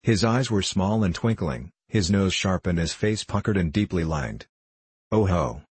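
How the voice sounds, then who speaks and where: Male storybook narrator, deep and breathy, dry close sound. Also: expressive, normal speed, no room sound. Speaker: audiobook narrator.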